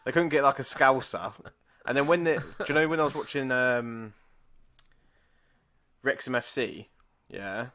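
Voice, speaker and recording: A man's voice: medium pitch, moderate pace, sharp tone. A man in his thirties from England, co-hosting a podcast and rambling through sweary anecdotes with laughs. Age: 30s. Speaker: podcast co-host. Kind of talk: casual chat.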